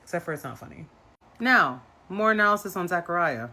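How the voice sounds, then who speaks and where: A woman's voice: fairly low pitch, lively intonation, fairly quick, sharp tone. Blunt gossipy woman recapping reality TV. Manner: blunt and gossipy, breaks into quoted voices. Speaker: reality TV commentator. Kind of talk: casual reaction commentary.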